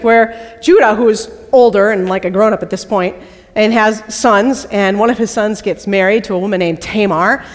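A woman preacher giving a sermon, telling the story with playful asides and quizzing her listeners. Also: a little high. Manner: lively storytelling, playful asides and questions to the audience. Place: large worship hall. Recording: long hall reverb.

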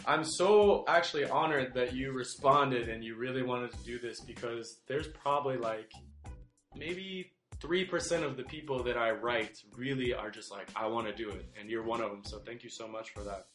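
An upbeat man hosts a sports interview podcast at a middle pitch. His voice carries a roomy echo, and faint music plays underneath. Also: normal speed, a bit bright. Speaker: podcast host.

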